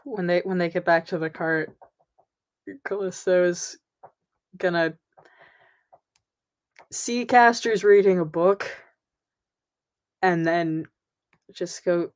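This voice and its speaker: Woman, tabletop role-play, low pitch, soft, hesitant. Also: slow, pauses often. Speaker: player.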